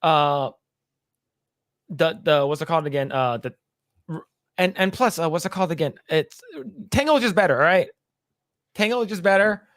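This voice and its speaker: Rambling, laughing podcast co-host. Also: male voice, on the high side, normal speed, pauses often, a bit bright, dry recording, studio quality. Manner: rambling, laughs a lot while retelling jokes. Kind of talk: casual chat.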